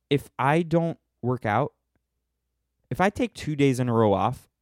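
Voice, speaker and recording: A man's voice: medium pitch, darkish tone, no room sound, studio quality. A man in his thirties hosting a livestreamed podcast, talking in a rambling, sarcastic way with many restarts. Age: 30s. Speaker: podcast host. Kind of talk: livestreamed monologue.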